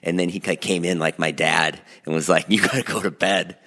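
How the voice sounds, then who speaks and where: A man's voice: low voice, fairly quick. A man in his forties co-hosting a casual podcast, telling stories with lots of laughter and swearing. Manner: animated storyteller, laughs often, swears. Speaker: podcast co-host. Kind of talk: casual chat.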